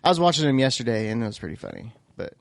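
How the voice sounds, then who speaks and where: A man co-hosting a podcast in casual chat, an animated, self-mocking storyteller who laughs often. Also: mid-range voice, racing, creaky, no echo, clean studio sound. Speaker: podcast co-host.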